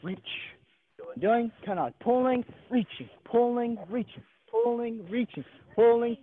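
A man's voice: extremely high pitch, a little slow. A male gymnastics coach leading an online class over a video call, upbeat and encouraging, counting reps aloud and joking with the kids. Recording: tinny phone-like video call audio.

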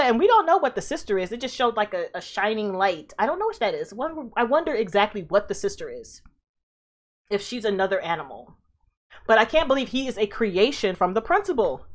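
A young adult woman giving casual reaction commentary as a host, excitable and profane with frequent exclamations. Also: a little high, a little fast.

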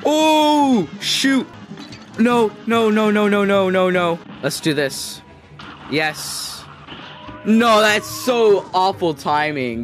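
Young male gaming host, higher voice, jokey, loud outbursts, faint game music under. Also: slow. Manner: excitable, jokey, yells when losing. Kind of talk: gameplay commentary.

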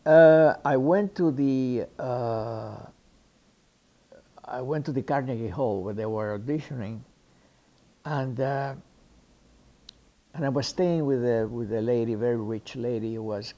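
A man from Cuba tells stories from his career in an interview. He speaks English with a Cuban Spanish accent and a mellow, warm tone, and he acts out the people in his stories as he goes. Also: mid-range voice, unhurried, vocal fry, long pauses, dull audio. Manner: lively raconteur who acts out the people he quotes. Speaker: interviewee, actor. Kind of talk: anecdotal storytelling interview.

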